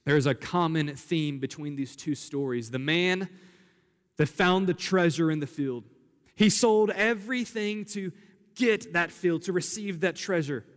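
A man's voice: a little high, a little slow. A young man preaching a sermon in an earnest, conversational way, repeating phrases for emphasis. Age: young adult. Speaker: pastor. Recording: hall reverb.

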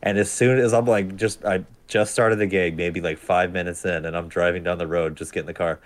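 A man's voice: sits low, fairly even intonation, a little fast. A man in casual chat, telling a rambling game anecdote with frequent restarts. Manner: rambling, self-correcting storyteller.

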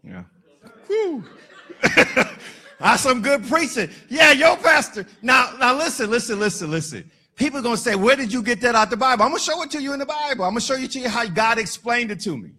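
A man preaching a lively sermon in a church, his voice high and ringing bright. He jokes with the congregation, slows down for emphasis and then bursts into shouts. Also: husky. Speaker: pastor.

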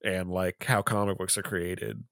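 A man's voice: deep voice, steady tone, a little slow, gravelly, fairly bright tone, dry recording. Chatty man with a dry, close sound. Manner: rambling, lots of "like" and laughs. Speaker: podcast host. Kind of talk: casual chat.

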